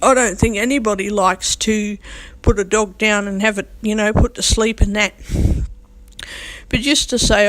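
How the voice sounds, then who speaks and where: A woman talks straight to her viewers with blunt, defiant force, often in coarse words. She repeats her points over and over to press them home. Her voice sits at an ordinary pitch and sounds close and dry, with no room echo. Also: fairly even intonation, normal speed, a bit bright. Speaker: vlogger. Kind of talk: unscripted talk to camera.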